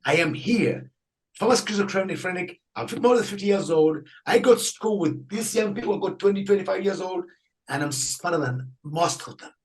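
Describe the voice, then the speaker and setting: A man with a slightly high voice tells his story with a lot of energy. He acts out each person in it and laughs as he goes, and his pitch jumps around. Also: moderate pace, low-quality recording. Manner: animated storyteller, acts out dialogue, laughs often. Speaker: Catholic priest guest. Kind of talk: storytelling in a faith interview.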